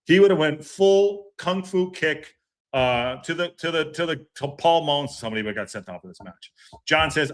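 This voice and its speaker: A man's voice: on the high side, animated, moderate pace. A man hosting a fan reaction stream, ranting, swearing and repeating himself. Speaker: fan podcast host.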